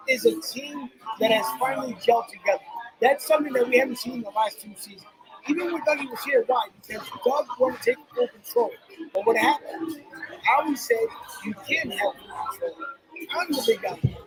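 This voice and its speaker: A man's voice: very high-pitched, low-quality recording. A man hosting a sports talk show, rambling and repeating himself as he talks. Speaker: host. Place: loud sports bar.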